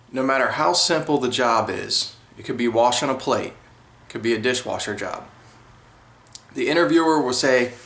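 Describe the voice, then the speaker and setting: A man's voice: mid-range voice, fairly bright tone. A man talking straight to camera in an indignant, repetitive monologue. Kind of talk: monologue vlog. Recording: roomy echo.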